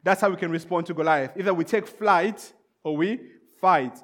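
A preacher with a notably high-pitched voice delivers an emphatic sermon. He repeats his key points and often slips into acted-out scenes. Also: moderate pace, a bit bright. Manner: repetitive, emphatic, acts out scenes.

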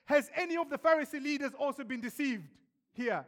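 A man preaching acts out an angry male religious leader accusing a courtroom, in a high, loud, accusing voice. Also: a little fast. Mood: furious.

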